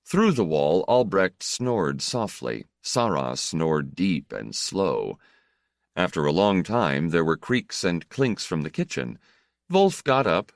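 A man narrating an audiobook with an expressive, steady storytelling manner. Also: low-pitched, creaky, no echo, studio quality.

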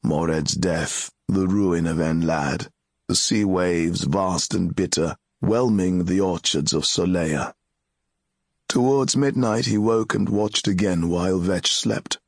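A man narrates a fantasy tale in a measured, solemn way. His deep voice has a gravelly, husky texture and moves slowly. The close recording is dry and free of room sound. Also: no room sound. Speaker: audiobook narrator.

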